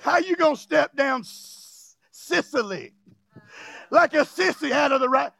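High gravelly preacher, shouting fervently. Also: male voice, animated, unhurried, dry recording. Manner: impassioned, often shouting with rising cries, informal grammar; jokes and laughs with the congregation. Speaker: pastor. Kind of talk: fiery revival sermon.

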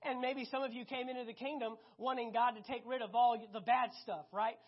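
A preacher in full sermon mode, stressing points by repeating them and dropping from loud to hushed. The voice is husky and mid-pitched. It comes through a dull, lo-fi recording. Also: a little fast, hardly any pauses. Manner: animated, emphatic, repeats key phrases, swings between loud and hushed.

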